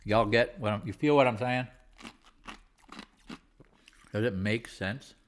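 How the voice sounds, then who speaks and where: A man's voice: fairly low pitch, slow pace, slight background noise. A man hosting a live market chat, talking candidly and rambling, with casual swearing. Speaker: livestream trading host.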